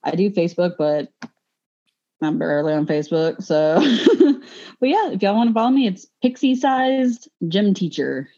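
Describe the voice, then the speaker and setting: A gym teacher chats as a guest, telling long stories full of fillers and laughter. Her voice sits a little low. The audio is dull and lo-fi. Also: expressive, normal speed, dark tone. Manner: laughs often, rambling with fillers. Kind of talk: casual chat, storytelling.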